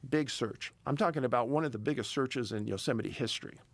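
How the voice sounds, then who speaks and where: A man's voice: medium pitch, brisk, gravelly, dry recording. A middle-aged man telling a story in a casual interview, emphatic and building tension. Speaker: podcast guest, missing-persons researcher.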